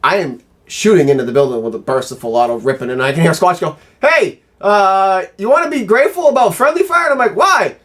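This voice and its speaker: A man chatting casually, telling animated stories full of swearing and acted-out quotes. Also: high-pitched, fast talker, hardly any pauses. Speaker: airsoft player. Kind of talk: casual chat.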